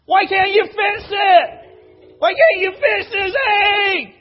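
A man voicing a whining, panicky man wailing and blaming others over a broken egg, shrill and frantic. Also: steady tone, takes it slowly, shouting. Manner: shrill, frantic, self-pitying. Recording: dull lo-fi recording.

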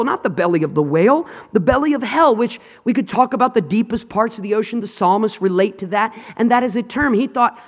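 A male preacher with a high, ringing voice delivers an impassioned sermon in a reverberant hall. He reads scripture in dramatic bursts. He swings from shouts down to hushed, almost whispered passages. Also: expressive, brisk, hardly any pauses.

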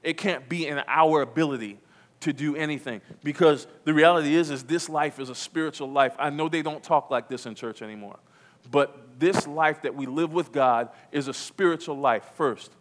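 A man's voice: on the high side, moderate pace. A man preaching from the pulpit with a somewhat raised voice. He leans on key phrases, repeats them for weight, and throws questions out to the people in front of him. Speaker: pastor. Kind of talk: sermon. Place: church.

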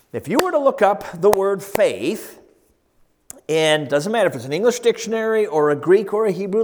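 A man preaching a sermon, telling stories with animated quotes and frequent laughter before teaching. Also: a little high.

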